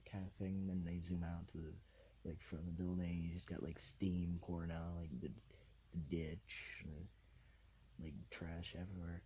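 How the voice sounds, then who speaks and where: Man, very deep voice, mellow dark tone, rambling casual podcast chat, lots of fillers, recorded on a tablet. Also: little pitch movement, normal speed, dull audio, a little hiss or hum. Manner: rambling, laid-back, full of fillers. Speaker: podcast host.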